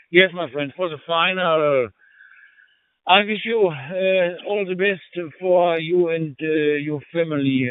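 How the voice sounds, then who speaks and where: A German man with a German accent on a ham radio call, halting as he searches for English words. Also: on the high side, no room sound. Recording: tinny radio transmission, dry.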